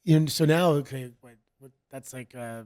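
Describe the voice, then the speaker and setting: A middle-aged man from Canada, a guest chatting casually and telling rambling stories in a relaxed way. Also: medium pitch, normal speed. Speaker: guest, wrestler. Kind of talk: casual interview chat.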